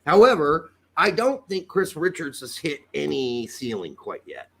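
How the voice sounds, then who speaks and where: A man's voice: a little high, very animated, a little slow, creaky, fairly bright tone. A man co-hosting a soccer podcast, rambling and joking, reading listener comments aloud. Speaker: podcast co-host. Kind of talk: casual soccer chat.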